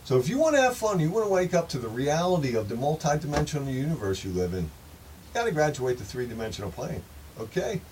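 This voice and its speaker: A man's voice: a little high, very animated, fast talker, darkish tone. A man telling a rambling first-person story to his viewers, emphatic and profane, often calling them folks. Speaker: channel host. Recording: distant mic with faint background noise.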